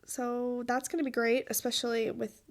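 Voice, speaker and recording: A woman's voice: a little high, level tone, moderate pace. A woman in her late twenties hosting a podcast, talking in a personal monologue, emotional and earnest, pleading and laughing through tears. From Utah. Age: 20s. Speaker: podcast host.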